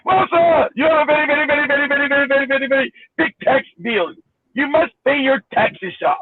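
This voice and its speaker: A man's voice: extremely high pitch, fast, no echo. A man voicing a pushy male phone scam caller posing as a tax agent, with a put-on Indian accent and insistent, repeating threats. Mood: threatening. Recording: dry tinny phone-like line.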